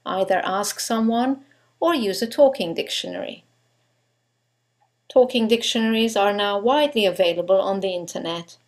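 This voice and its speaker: A woman giving a scripted English pronunciation lesson, stressing each example word with care. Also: medium pitch. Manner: slow, deliberate, stresses example words. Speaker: English teacher.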